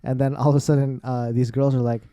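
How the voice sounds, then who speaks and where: A man's voice: medium pitch, level tone, fast talker, dark tone, no room sound. Man, 30s, podcast host, laid-back storyteller, casual swearing, dry close sound.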